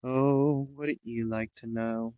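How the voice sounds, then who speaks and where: A man's voice: medium pitch, steady tone, slow pace, dark tone, smooth, dry recording, highs cut off, natural voice. Smug taunting stranger, a man reading it. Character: cocky mysterious attacker, taunting.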